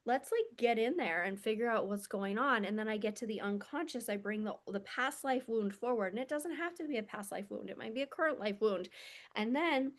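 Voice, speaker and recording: Female self-development coach, a bit high-pitched, earnest and confessional, casual and filler-heavy delivery. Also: fairly quick. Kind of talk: casual reflective monologue.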